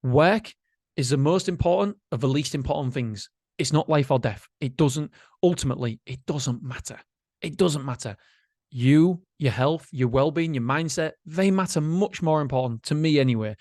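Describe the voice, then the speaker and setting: A man hosting a solo motivational podcast, chatty and animated, swearing casually. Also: fairly high pitch, normal speed, no echo, clean studio sound. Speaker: podcast host.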